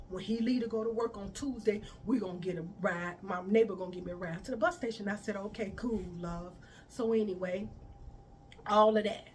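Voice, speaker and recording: A woman's voice: medium pitch, far from the mic, a little hiss or hum. A woman telling a personal story to her viewers, talking casually and acting out the dialogue of the people in it. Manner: conversational, addresses viewers as y'all, quotes others in dialogue. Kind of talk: emotional storytime vlog.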